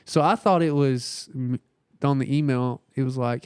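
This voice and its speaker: A man's voice: medium pitch, a little mellow, clear, resonant tone, no room sound, clean studio sound. A man co-hosting a podcast in easygoing casual chat, telling stories that poke fun at himself. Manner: easygoing, quick to laugh, joking about himself. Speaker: podcast co-host.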